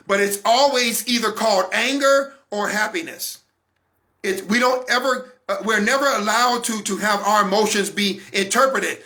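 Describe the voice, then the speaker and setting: Fervent high-voiced man preaching to camera. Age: 40s. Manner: fervent, repeats phrases for emphasis, builds to shouts. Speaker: host of a weekly online talk broadcast. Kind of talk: impassioned faith-based talk to camera.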